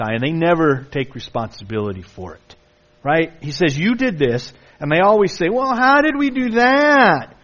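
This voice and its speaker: A man preaching a sermon emphatically, reading scripture aloud and sometimes mimicking excuses in a higher voice. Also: lo-fi sound. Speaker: pastor.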